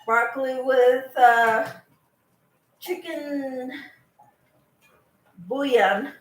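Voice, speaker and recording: Slow-talking woman chatting on a livestream. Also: high voice, steady tone, reverberant. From Kansas. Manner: chatty, greets viewers by name while cooking. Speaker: crochet channel host. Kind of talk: casual livestream chat with viewers. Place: home kitchen.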